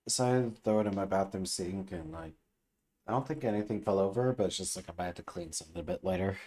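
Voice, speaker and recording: A man's voice: sits low, fast. A man casually talking to himself while streaming a farming game. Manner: relaxed, muttering to himself. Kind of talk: casual gameplay commentary. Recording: loud game music behind. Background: game music.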